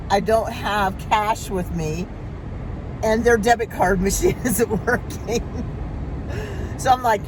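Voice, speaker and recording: A woman vlogger telling a story about her day in an animated, exasperated way. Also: a little high. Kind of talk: storytime monologue. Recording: steady traffic noise behind.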